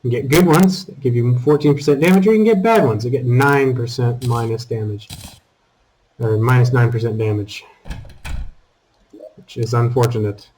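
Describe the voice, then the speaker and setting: A man giving casual commentary over his own gameplay, taunting enemies and breaking into high exclamations. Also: normal speed, long pauses, slight background noise, poor audio. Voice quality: calls his own voice squeaky. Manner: animated, talks to enemies, jumps to high exclamations. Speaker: gaming channel host.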